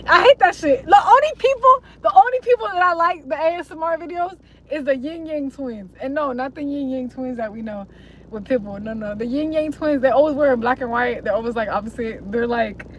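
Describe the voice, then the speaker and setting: A young woman speaks briskly in a high-pitched voice while livestreaming, chatting to viewers in rambling, slangy fashion with lots of swearing and mocking voices. The recording is rough, with slight hiss or hum.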